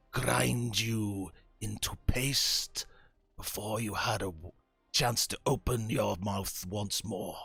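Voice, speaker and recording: A man voicing a menacing male warlord who commands witches and soldiers, speaking slowly in cold half-whispers. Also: lowish voice, vocal fry, a bit bright, husky, no echo, full character voice.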